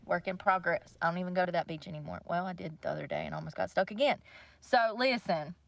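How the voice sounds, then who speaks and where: A woman's voice: on the low side, quick pace, creaky, no room sound. A young woman venting bluntly to livestream viewers, swearing freely. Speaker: livestream host. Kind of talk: casual rant to viewers.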